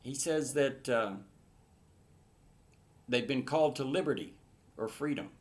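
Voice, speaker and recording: Male Bible teacher, mid-pitched, earnest verse-by-verse teaching with emphatic peaks. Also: a little slow. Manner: earnest, building to emphatic bursts.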